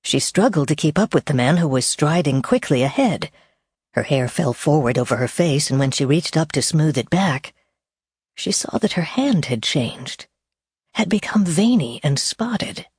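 A woman narrating a story in a measured, deliberate audiobook style. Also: deep voice, lively intonation, a little mellow, slightly rough, dry recording, studio quality.

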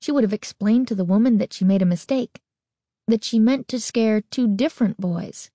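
A woman narrating a spooky story as an audiobook, expressive and suspenseful. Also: on the high side, normal speed, no room sound, clean studio sound.

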